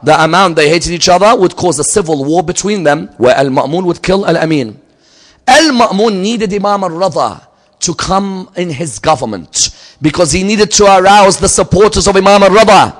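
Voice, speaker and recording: A man giving a religious lecture, telling a story and swinging from loud emphatic peaks to low, quiet asides. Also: expressive, normal speed. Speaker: Islamic lecturer.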